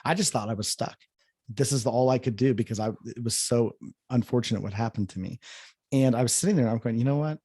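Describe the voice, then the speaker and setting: A man guest in a conversation, telling a personal story in a reflective, relaxed way. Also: mid-range voice, fast talker, breathy edge, no echo, studio quality. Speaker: podcast guest.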